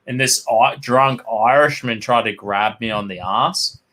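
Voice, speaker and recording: A man's voice: medium pitch, a little slow, pushed and bright. An Australian man chatting as co-host, swearing constantly and telling rowdy pub anecdotes. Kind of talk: casual chat.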